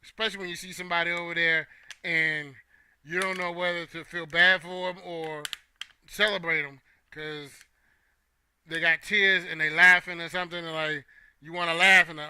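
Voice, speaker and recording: A man's voice: on the high side, flat delivery, normal speed, pushed and bright, a little hiss or hum. A young man hosting a casual opinion talk, playful and joking with his chat. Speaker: host.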